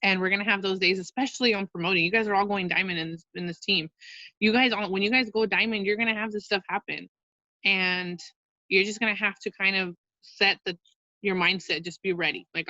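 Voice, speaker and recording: A woman's voice: mid-range voice, steady tone, brisk, sharp tone, no room sound. A woman leading a casual training talk for her sales team, chatty and upbeat, full of fillers and "you guys", heard over a video call. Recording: dull lo-fi video call audio.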